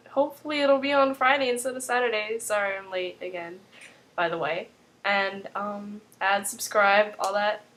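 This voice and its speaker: A woman's voice: a little high, a bit bright. A young woman casually recapping a TV episode in a vlog, chatty and leaning on "like" throughout. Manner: chatty, fills with 'like' constantly.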